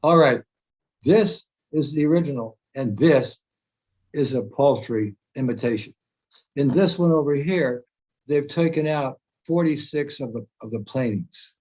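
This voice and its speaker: This older man speaks unhurriedly over a video call, his medium-pitched voice darkish on a low-quality recording. As a guest speaker, he's earnest and emphatic in a conversational way, though his ideas wander and he keeps restarting.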